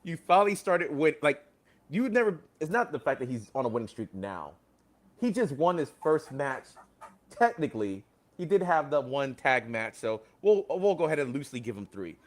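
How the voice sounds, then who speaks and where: Man, podcast host, casual chat, lively swooping pitch, acts out quotes. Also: normal speed. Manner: animated, laughs often, acts out quotes in big voices.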